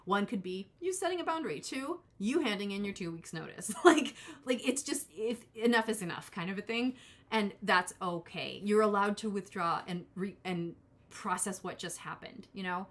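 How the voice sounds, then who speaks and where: Rambling woman in her forties reading tarot. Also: medium pitch. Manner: rambling, self-interrupting, talks to chat viewers. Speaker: tarot reader. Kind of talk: casual live-stream tarot reading.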